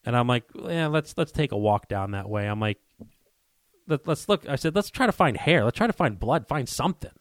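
A man's voice: medium pitch, animated, fairly quick, no room sound, studio quality. A man telling a story in casual conversation, acting out quoted dialogue with frequent restarts and repeated words. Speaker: guest telling a hunting story.

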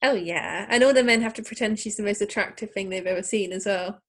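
A woman co-hosting a podcast, trading teasing, quick-witted banter. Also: mid-range voice, a bit bright. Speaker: podcast co-host. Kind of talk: casual chat.

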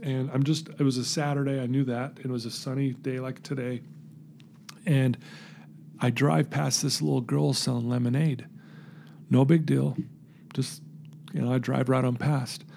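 A man telling his recovery story in an interview, earnest and animated, acting out the voices in his story. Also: medium pitch, moderate pace, vocal fry, long pauses, a little hiss or hum.

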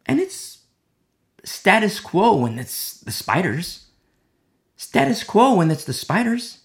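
A man preaching a sermon in a gravelly, slightly high voice. He talks loosely with plenty of fillers and sometimes drops almost to a whisper when he prays. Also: big pitch swings, slow. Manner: conversational preaching, drops to a hushed voice in prayer; many fillers, acts out quoted people. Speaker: pastor.

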